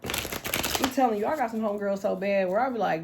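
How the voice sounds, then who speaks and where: A woman's voice: mid-range voice, brisk, creaky, background noise. Blunt, slangy woman reading tarot. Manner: blunt, slangy, animated, laughs often. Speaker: tarot reader. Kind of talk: casual tarot reading to camera.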